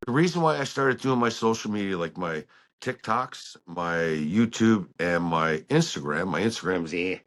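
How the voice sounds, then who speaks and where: A man telling stories about working on ships in a casual, animated way. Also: sits low, moderate pace. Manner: animated storyteller who acts out quotes. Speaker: guest, ship engineer. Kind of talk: casual storytelling chat.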